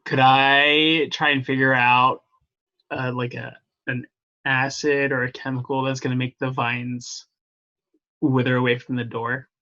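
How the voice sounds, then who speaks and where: Tentative guy asking the gm stuff, bright voice, kinda lo-fi. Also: medium pitch, level tone, a little slow. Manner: tentative, questioning. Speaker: player. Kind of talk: casual tabletop play. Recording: slightly dull lo-fi audio.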